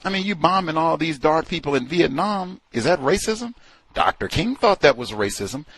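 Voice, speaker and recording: A man casually talking through a book he is reading, animated and full of rhetorical questions. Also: a little high, moderate pace, slightly rough, no room sound. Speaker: book commentator. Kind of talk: casual spoken book review.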